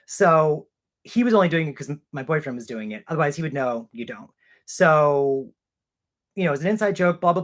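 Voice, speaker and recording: A man's voice: medium pitch, a bit bright. A man in his thirties hosting a live stream Q&A, chatty and rambling with a self-deprecating manner. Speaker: channel host.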